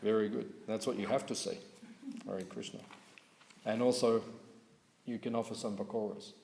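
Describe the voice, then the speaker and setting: A man giving a morning scripture class at a temple, telling stories lively and checking in with his listeners. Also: fairly low pitch, moderate pace, gravelly. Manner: lively storyteller, asks audience questions, laughs. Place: temple hall. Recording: echoey hall recording.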